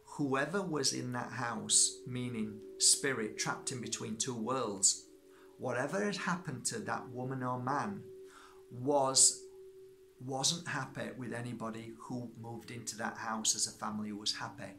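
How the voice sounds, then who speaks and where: With music playing in the background, this middle-aged crystal energy healer speaks at a measured pace in a gravelly, medium-pitched voice. He tells viewers a personal story in a chatty way, frequently checking in with them by asking "okay?".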